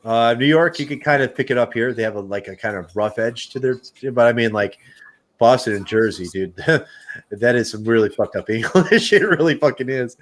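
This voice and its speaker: A man's voice: mid-range voice, normal speed. A man with a Midwestern American accent chatting casually as a podcast host, rambling, swearing and saying "dude". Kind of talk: casual chat.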